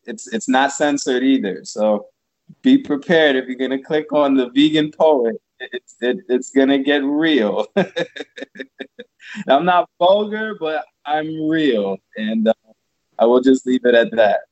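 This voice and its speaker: A man's voice: mid-range voice, measured pace, darkish tone, no echo, lo-fi sound. A man being interviewed as a guest author and poet, talking casually with many fillers and restarts.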